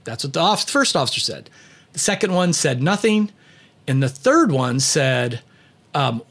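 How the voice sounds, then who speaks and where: A man with a slightly raised pitch, speaking in a loose, conversational monologue about leadership and personality. He tells a story casually, leaning on "you know" fillers and chuckling lightly. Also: big pitch swings, normal speed, fairly bright tone.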